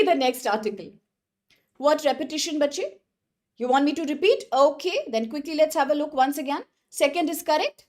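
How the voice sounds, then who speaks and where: A young woman leads a live online exam-prep lesson in a high-pitched voice. She is chatty and affectionate and calls students by name as she quizzes them. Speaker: teacher.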